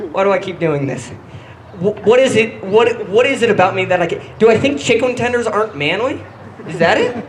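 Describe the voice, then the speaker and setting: Young male stand-up comic, high, animated delivery, self-deprecating, faint room noise. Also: rough recording. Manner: halting, self-deprecating, stumbles and restarts. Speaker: stand-up comedian. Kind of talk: stand-up comedy set.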